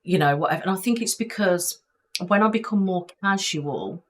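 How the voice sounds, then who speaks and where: Young Midlands woman, low voice, fast emphatic casual podcast co-host. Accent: English Midlands. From English Midlands. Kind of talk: casual chat.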